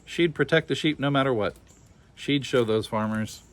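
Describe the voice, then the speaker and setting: A man reading a children's picture book aloud with expressive, animated storytelling. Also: mid-range voice, normal speed. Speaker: storybook reader.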